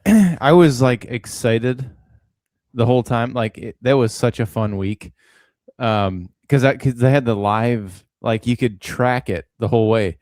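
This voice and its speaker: A man co-hosting a podcast, talking in an excited, rambling way. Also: mid-range voice, unhurried, no room sound, clean studio sound. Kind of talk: casual podcast chat.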